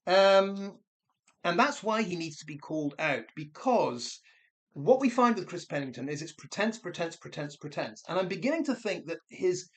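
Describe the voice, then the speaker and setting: A man with a somewhat high voice delivers a one-man commentary. He sounds mocking and sarcastic, firing rhetorical questions. He often stops and corrects himself mid-sentence. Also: very animated, moderate pace, a bit bright. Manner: rambling with frequent self-corrections. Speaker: commentary channel host. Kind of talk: monologue commentary.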